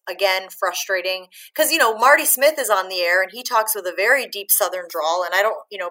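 A woman's voice: mid-range voice, bright, forceful tone, poor audio. A woman in her thirties with a Midwestern American accent, a sports reporter talking frankly in an interview with lots of fillers. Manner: chatty, frank, laughs easily, many fillers. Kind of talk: candid interview answers.

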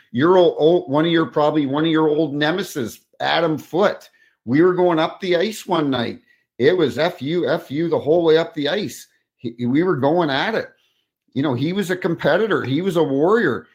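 A man who used to be a hockey referee, co-hosting a casual chat and telling blunt, firm stories from his years on the ice. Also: medium pitch. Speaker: former referee, co-host.

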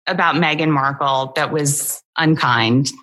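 A woman's voice: low-pitched, measured pace, fairly bright tone. A woman hosting a podcast interview, chatting casually and gushing with enthusiasm about her guest. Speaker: podcast host.

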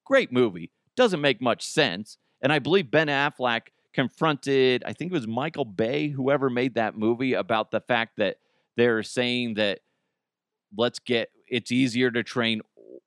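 Male podcast host, mid pitch, crude rambling comic riffs, dry close sound. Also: unhurried, a bit bright, no echo. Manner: crude, rambling, laughs at his own jokes. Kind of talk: casual comedic commentary.

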